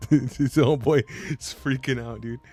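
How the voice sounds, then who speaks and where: A man's voice: mid-range voice, steady tone, slow, dark tone, soft background music. A man chatting casually on a live stream. He argues brashly, swears freely, and keeps saying bro and dude.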